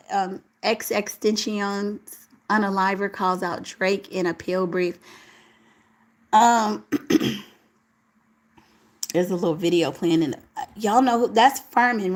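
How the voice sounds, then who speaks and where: A woman's voice: medium pitch, slow, long pauses. A young woman hosting a late-night livestream, chatting casually and reading viewer comments, sleepy, with a tired, crackling voice and slangy talk, home alone. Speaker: livestream host.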